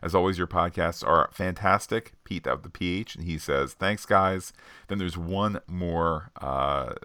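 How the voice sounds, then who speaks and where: Very low-voiced man reading listener tweets. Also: measured pace, bright, forceful tone, clean tone, no room sound, studio quality. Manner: reads off a list with frequent uh fillers. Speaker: podcast co-host.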